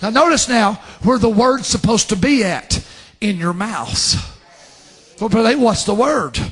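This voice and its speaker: A male preacher delivers a fervent sermon in a high, husky voice. His pitch swings widely, from low murmured asides to soaring shouted lines of scripture. The tone is bright and forceful. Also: lively intonation, measured pace.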